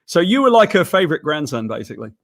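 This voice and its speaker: A middle-aged man from Wales, reminiscing in a chatty, animated way in a casual video chat. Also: a little high, fast, creaky. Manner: chatty, animated, laughs while telling. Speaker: comics writer, co-host.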